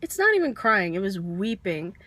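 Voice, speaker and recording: A woman's voice: mid-range voice, sing-song, normal speed, dry recording. A woman telling a candid, rambling personal story in a vlog, laughing at herself now and then, getting over a cold with an occasional cough. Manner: candid, rambling, self-deprecating with soft laughs. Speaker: vlogger.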